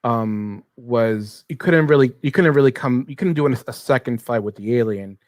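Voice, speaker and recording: Man, mid-range voice, dry close sound, casual podcast banter, animated and joking. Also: moderate pace, no room sound. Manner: animated, jumps between high and low pitch while joking. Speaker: podcast co-host. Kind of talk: casual chat.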